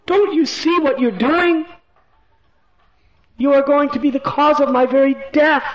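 A man voicing an anguished old king who begs and pleads, his voice climbing high in distress. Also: fairly even intonation, unhurried, echoey room, rough recording. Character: anguished old king, grief-stricken, begging.

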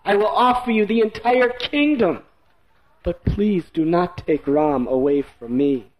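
A man voicing an anguished old king who begs and pleads, his voice climbing high in distress. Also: a little slow, echoey room, low-quality recording. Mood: pleading. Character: anguished old king, grief-stricken, begging.

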